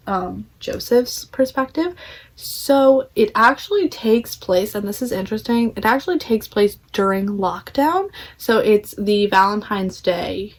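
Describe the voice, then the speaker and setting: A young woman vlogging a casual book plot summary, chatty and full of "like", acting out the characters' lines. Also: on the high side.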